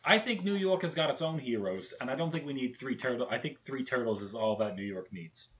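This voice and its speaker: A man riffing in a loose comedy podcast chat, crude and quick to laugh. His voice sits at an ordinary pitch. There is a faint noise behind him. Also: lively intonation, fairly bright tone. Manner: jokey, crude, laughs often. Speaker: podcast co-host.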